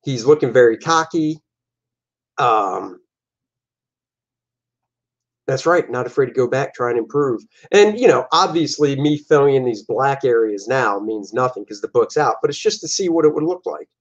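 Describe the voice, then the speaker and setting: A man hosting a show and giving casual, animated commentary on his own comic artwork. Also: medium pitch, moderate pace, highs cut off. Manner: animated, jumping into voices for his characters. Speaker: comic artist and show host.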